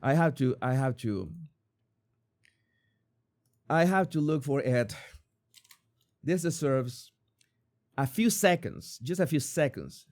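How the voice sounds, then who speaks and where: Excitable man with a lively, rising voice. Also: medium pitch, takes it slowly, pauses often. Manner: excitable, swears, repeats words. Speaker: entertainment commentary host. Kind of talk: reaction commentary.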